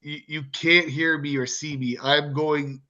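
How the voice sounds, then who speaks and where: A man's voice: a little high, unhurried. A Canadian man, a wrestling promotion owner, chatting as a guest on a podcast and telling stories with lots of repetition for emphasis. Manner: animated storyteller, repeats words for emphasis. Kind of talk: casual podcast interview. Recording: slightly muffled, lo-fi audio.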